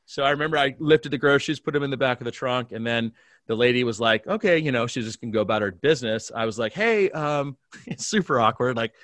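A man who is a pastor, telling a story in a remote conversation and acting out the dialogue with big swings in pitch and loudness. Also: fast talker, dry recording, studio quality. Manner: animated storyteller, acts out dialogue with big jumps in pitch and volume. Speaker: pastor, guest.

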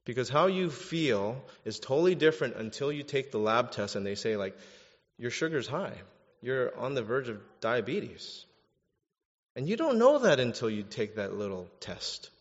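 A man preaching a sermon as pastor, animated and jokey, swinging from quiet asides to loud bursts. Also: mid-range voice. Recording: dull sound in a reverberant hall.

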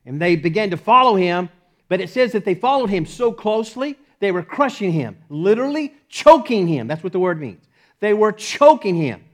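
A male pastor preaches to his congregation in a somewhat high voice. He leans on repeated phrases and swings his volume from punchy and loud down to quiet and hushed. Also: big pitch swings, moderate pace. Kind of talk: sermon. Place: church service.

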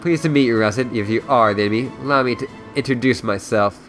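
A man voicing an arrogant young villain who talks in a slow, brash, theatrical way. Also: mid-range voice, a bit bright, faint music behind, close to an everyday voice.

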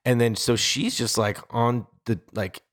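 A man in his thirties on a casual podcast, telling exasperated stories with lots of swearing, his voice jumping up high when he quotes himself. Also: steady tone, unhurried, a bit bright. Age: 30s. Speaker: podcast co-host. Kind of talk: casual chat.

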